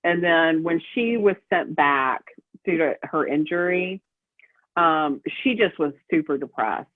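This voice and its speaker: Woman's lively storytelling over a tinny line. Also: low-pitched, measured pace, no room sound. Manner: lively storyteller who acts out quoted voices. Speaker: guest, prison matchmaker. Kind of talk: casual interview storytelling. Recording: tinny phone-like line, dry.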